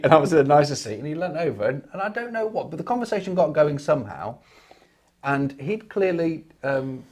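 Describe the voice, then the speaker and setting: With a fairly high but darkish-toned voice, this man from England co-hosts a property talk podcast, chatting casually. He rambles as he tells his stories, repeating words and starting over.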